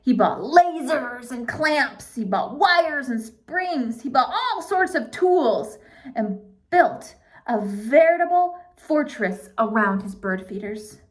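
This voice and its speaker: A woman reads a children's picture book aloud in a high, sing-song voice that swoops up and down. She takes her time, stopping now and then to chat playfully with her young listeners. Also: big pitch swings, takes it slowly.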